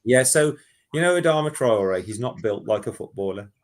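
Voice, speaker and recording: A man calling in to a football phone-in, talking in an animated, rambling way and often restarting his sentences. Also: mid-range voice, moderate pace. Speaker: caller. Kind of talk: casual football phone-in chat.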